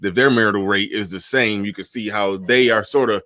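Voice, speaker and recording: A man's voice: lowish voice, fairly even intonation, a little fast, bright, forceful tone, no echo, clean studio sound. A man hosting a casual livestream talk show, rambling through his thoughts with many restarts and fillers. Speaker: host.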